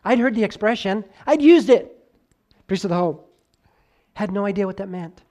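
A male preacher gives a sermon full of lively intonation, shifting from booming emphasis to soft, low moments. He slows down on key words, makes conversational side remarks, and restarts with stammers.

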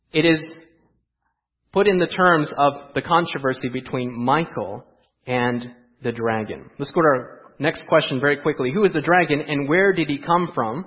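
A man delivers a sermon in a church, asking his listeners rhetorical questions. He drops into quiet asides, then lifts his voice for emphasis. His voice sits a little high, and the recording sounds dull and muffled. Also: breathy edge. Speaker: pastor. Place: church sanctuary.

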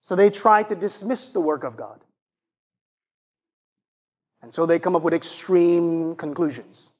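A man preaching a sermon in an animated, conversational way, often turning to ask his congregation questions. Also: a little high, a little slow.

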